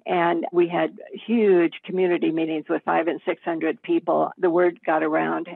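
Gravelly older woman on a phone line. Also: on the low side, no room sound. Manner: steady, matter-of-fact recollection. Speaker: retired detective. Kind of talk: recounting case memories in an interview.

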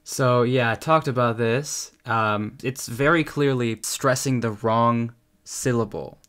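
A young man giving casual commentary, sarcastic and critical, with quick asides. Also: mid-range voice, a bit bright, clear, resonant tone. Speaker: YouTuber. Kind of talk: casual commentary on song lyrics.

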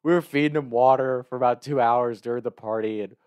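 A man recounts a personal anecdote in a loose, rambling way and keeps breaking into laughter mid-sentence. His voice sits at an ordinary pitch for a man. The sound is dry, with no room around it. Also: brisk, a little mellow, smooth, no echo. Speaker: storyteller.

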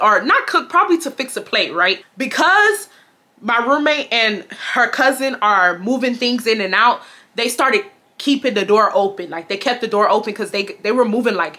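Young woman from Houston, storytime vlog, dramatic and chatty, bright voice, slightly high. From Houston, Texas. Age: 20s. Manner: animated, dramatic, laughs often, talks straight to viewers. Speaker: vlogger.

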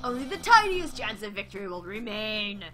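A woman voicing a boastful, theatrical male skeleton who announces his challenges loudly and dramatically. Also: mid-range voice, very animated, moderate pace, soft background music. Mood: grandly boastful.

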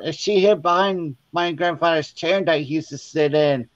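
A man, a guest on a casual crafting chat, telling funny stories in a lively way and acting out the voices of the people in them. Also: a little high, normal speed, hardly any pauses. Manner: animated, acts out quoted voices. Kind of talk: casual storytelling. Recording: dull lo-fi sound.

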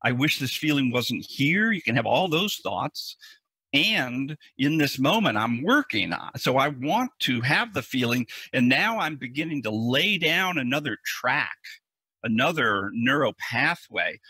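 A man's voice: mid-range voice, very animated, measured pace, bright, forceful tone, breathy edge, no echo. A man talking as a therapist in a podcast interview, explaining earnestly and often restarting or repeating words. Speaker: anxiety therapist.

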